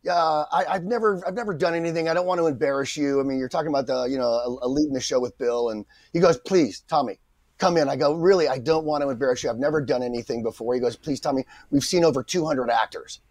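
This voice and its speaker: A man's voice: mid-range voice, quick pace, no echo. A middle-aged man, an actor guest, telling an anecdote and acting out the voices of the people in it. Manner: animated, acts out voices in his stories. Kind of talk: anecdotal storytelling.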